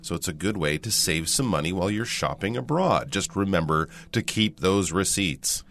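A man co-hosting an English lesson, upbeat and animated, often agreeing before he explains. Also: low-pitched, moderate pace. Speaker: English teacher and co-host.

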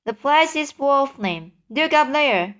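A woman voicing a young boy who calmly explains his plan in a storybook reading. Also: high-pitched, a little slow, pitched above the performer's own voice. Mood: determined. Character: young boy, calm and determined.

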